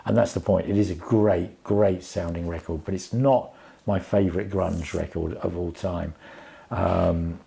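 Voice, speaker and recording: A man's voice: low voice, fairly even intonation, unhurried, vocal fry, dark tone. A man casually reviewing a vinyl album, rambling with many fillers and restarts.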